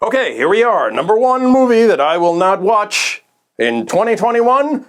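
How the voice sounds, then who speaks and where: A man's voice: high-pitched, big pitch swings, moderate pace, fairly bright tone. A man giving a crude, exasperated comedy rant as a movie reviewer.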